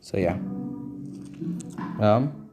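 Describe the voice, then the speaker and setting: A man's voice: on the low side, expressive, very slow. A man casually narrating a fan story in a rambling way, with restarts. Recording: guitar music in background.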